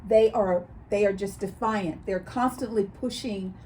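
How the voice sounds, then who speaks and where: A chatty woman co-hosting a casual talk show, her voice sitting in an everyday middle pitch. She tells stories with animated turns and acts out the voices of people she quotes. A faint noise hums under her voice. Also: measured pace. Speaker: co-host. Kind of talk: casual chat.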